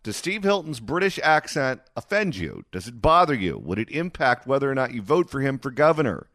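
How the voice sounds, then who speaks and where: A man hosting a call-in radio talk show, jokey and quick to move between callers. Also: medium pitch, big pitch swings, fairly bright tone, dry recording, studio quality. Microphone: studio mic.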